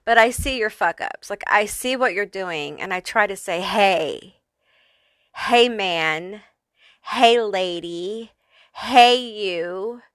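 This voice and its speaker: A woman's voice: medium pitch, takes it slowly, a bit bright, smooth, no room sound. A woman voicing a noble, honorable pet spirit with a British accent, speaking frankly with dignity.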